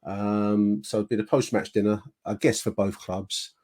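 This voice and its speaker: A man's voice: fairly low pitch, flat delivery, normal speed, darkish tone. A man hosting a podcast, chatting casually and laughing often. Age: 60s. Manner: chatty, laughs often, fumbles foreign words. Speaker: podcast host. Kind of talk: casual chat.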